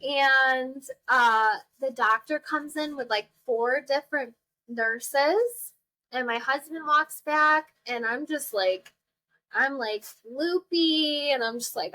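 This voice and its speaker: A young woman hosting a podcast, telling a personal story in a chatty, animated way, acting out the people she quotes and laughing often. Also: high voice, unhurried, rough recording. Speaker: podcast host. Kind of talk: casual storytelling monologue.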